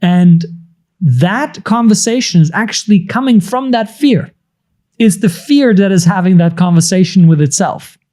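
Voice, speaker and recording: A business coach in his thirties talks through ideas, breaking into sudden high-pitched outbursts as he acts out inner voices. He sounds mellow and expressive, keeping a measured pace.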